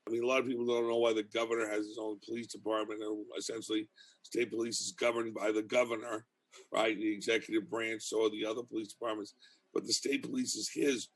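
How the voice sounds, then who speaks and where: A man's voice: fairly low pitch, flat delivery, fast talker, a bit bright. A man in his fifties with a Boston accent, a criminal justice professor speaking as a podcast guest in a blunt, anecdotal way. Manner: blunt, anecdotal, restarts phrases often. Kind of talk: casual podcast conversation.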